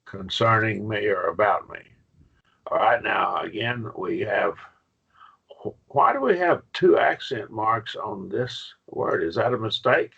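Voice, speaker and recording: A man's voice: on the low side, animated, measured pace, gravelly, fairly bright tone, slightly rough, highs cut off. A man teaching a Greek grammar class online, patient and questioning, with frequent okays.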